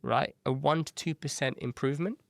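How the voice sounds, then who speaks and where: A man, an agency founder telling stories in a casual interview, animated and acting out the voices of people he quotes. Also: medium pitch, a little fast, creaky. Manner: animated, acts out quoted dialogue, frequent "right?". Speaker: agency founder, podcast guest.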